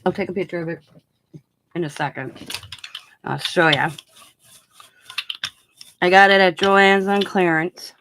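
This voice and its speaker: Lady with a lowish voice chatting through a craft stream, chewing gum, bit of hiss behind. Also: unhurried, long pauses. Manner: relaxed, chatty, chewing gum while talking. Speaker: craft channel host. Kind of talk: casual craft livestream chat.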